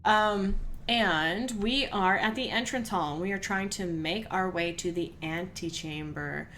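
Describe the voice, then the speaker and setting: A woman's voice: fairly low pitch, unhurried, fairly bright tone, a little hiss or hum. A young adult woman, streaming a game and chatting with viewers in a rambling, earnest way, laughing often and reading chat aloud. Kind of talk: casual let's-play chat with viewers.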